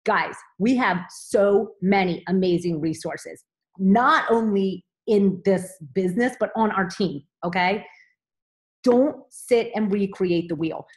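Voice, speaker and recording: A woman's voice: medium pitch, slow. A woman in her thirties giving a motivational training talk to her team, upbeat and direct, often checking in with "okay?".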